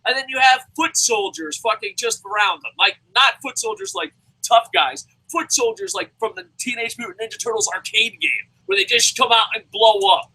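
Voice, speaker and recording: Bright, profane ranting man. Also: very high-pitched, lively intonation, moderate pace, hardly any pauses, rough recording. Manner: profane, heated, swears constantly; mocking, acts out impressions. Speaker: wrestling show reviewer. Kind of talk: ranting commentary vlog.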